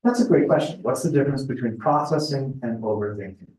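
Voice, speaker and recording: A middle-aged man speaking at a spiritual retreat in a conversational, thoughtful way, often pausing with fillers. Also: medium pitch, darkish tone. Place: retreat house meeting room. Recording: echoey room, voice picked up from a distance.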